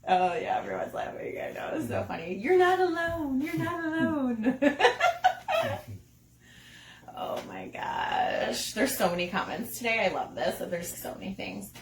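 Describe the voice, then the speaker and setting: A woman's voice: on the low side, big pitch swings, unhurried, gravelly. A woman co-hosting a podcast in casual chat, talking frankly, laughing and reading comments aloud. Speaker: podcast co-host. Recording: roomy room, voice off-mic, faint noise.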